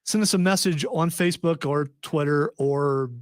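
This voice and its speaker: A man's voice: a little high, moderate pace, no room sound, studio quality. A man hosting a casual podcast, reading a news story aloud with wry, joking asides. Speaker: podcast host.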